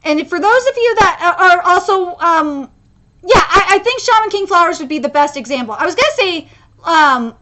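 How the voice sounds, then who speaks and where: A woman's voice: very high voice, expressive, moderate pace, bright, forceful tone. A woman streaming a live manga reaction, talking emotionally and rambling with many fillers and restarts.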